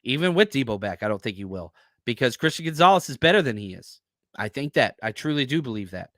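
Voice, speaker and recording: A man's voice: medium pitch, very animated, quick pace, a bit bright, dry recording, clean studio sound. A man hosting a sports podcast, giving heated, ranting analysis. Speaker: podcast host.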